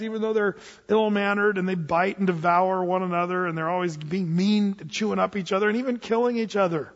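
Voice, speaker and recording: A man's voice: high-pitched, fairly even intonation, fairly quick. A man preaching a sermon, telling a story and acting out both sides of a dialogue. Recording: dull lo-fi sound with long hall reverb.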